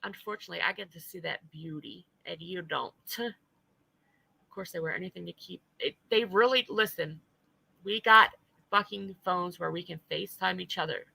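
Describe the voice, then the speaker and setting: A woman's voice: on the low side, moderate pace, gravelly, bright, forceful tone, slightly rough, no room sound, poor audio. A woman hosting a livestream, talking in blunt, profane, casual chat. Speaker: livestream host.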